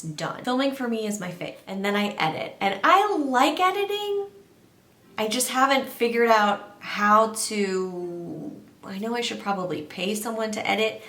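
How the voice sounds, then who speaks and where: A woman in her thirties talking casually to camera as a beauty vlogger, chatty and animated, dropping into hushed asides. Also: medium pitch, roomy sound. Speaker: beauty YouTuber. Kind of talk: casual vlog talk to camera.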